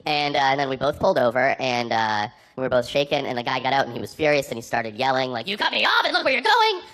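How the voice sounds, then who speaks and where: A man's voice: mid-range voice, fairly bright tone. A man doing a stand-up comedy set, telling rambling anecdotes full of "like" fillers. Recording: noisy live recording with clicks.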